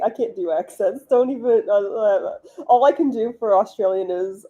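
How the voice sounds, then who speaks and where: A woman's voice: mid-range voice, moderate pace, hardly any pauses, warm tone. A woman hosting a live writing stream, chatting casually with viewers, laughing often and filling her talk with "like.". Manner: chatty, giggly, many "like" fillers. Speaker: livestream host, author.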